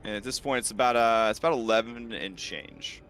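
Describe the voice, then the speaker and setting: A man acting as game master, narrating a tabletop game in a relaxed way with many fillers. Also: lowish voice, a little fast, soft background music.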